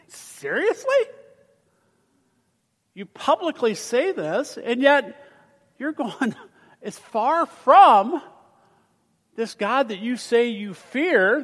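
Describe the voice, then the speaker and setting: A man preaching a sermon as a pastor, animated, swinging between loud emphasis and soft asides. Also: very high-pitched. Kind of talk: sermon with scripture reading. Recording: long reverb of a large hall.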